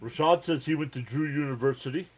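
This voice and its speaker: A man from New Jersey with a New Jersey accent, hosting a live baseball reaction stream, calling pitches and chatting with viewers' comments. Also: quick pace, husky. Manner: relaxed, chatty, reads viewer comments aloud between pitches. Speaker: live sports reaction host. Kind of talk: live baseball play-by-play and chat.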